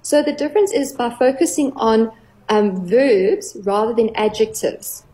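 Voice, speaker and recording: A middle-aged woman, a clinical psychologist, explaining earnestly on a radio talk show, with gentle playful examples. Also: on the high side, lively intonation, measured pace, poor audio.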